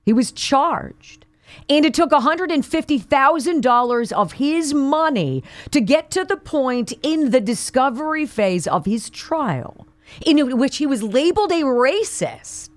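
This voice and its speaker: A woman's voice: high-pitched, very animated, unhurried, no room sound. A woman hosting a talk radio show, delivering an indignant opinion monologue full of rhetorical questions. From Pittsburgh area.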